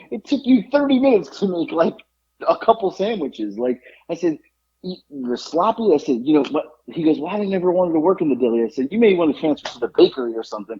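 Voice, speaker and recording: A man hosting a podcast, telling a story in an animated, exasperated way over dull lo-fi audio. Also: fairly high pitch, slightly rough. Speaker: podcast host. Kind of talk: casual chat, storytelling.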